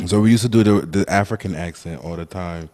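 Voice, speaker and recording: A man with a very deep, low voice chats casually as a podcast co-host. He is playful and sassy, laughs a lot and often lets his voice sink low at the end of a thought. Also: a little fast, a little mellow. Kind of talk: casual chat.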